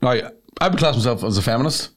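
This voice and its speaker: A man's voice: medium pitch, fast talker. A man co-hosting a casual comedy chat, jokey and swearing freely. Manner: animated, jokey, swearing, does silly voices. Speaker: podcast co-host.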